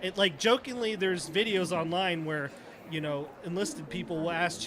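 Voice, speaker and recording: A man's voice: high-pitched, normal speed, background noise. A middle-aged man, a retired Navy chief, casually telling a story on a podcast and acting out the dialogue.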